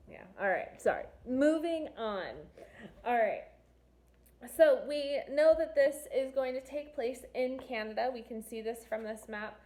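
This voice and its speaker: A woman's voice: fairly high pitch, a little mellow. A woman teacher reading a novel aloud to her class, stopping to quiz students and explain figures of speech in a chatty way. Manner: chatty, asks students questions, pauses to explain figurative language.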